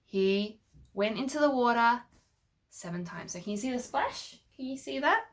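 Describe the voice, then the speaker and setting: A fairly high, expressive woman's voice at a normal speed carries a Bible story told to children with toy figures. She is patient and keeps drawing them in with questions.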